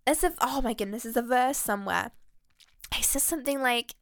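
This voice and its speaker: Excitable woman with a high voice. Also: fairly quick, dry recording. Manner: excitable and heartfelt, rambling. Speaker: podcast host. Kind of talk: faith podcast monologue.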